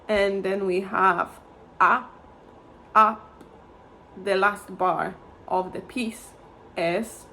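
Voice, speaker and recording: A woman's voice: mid-range voice, slight background noise. A woman teaching a violin lesson, explaining rhythms patiently and chanting fruit words to count them out.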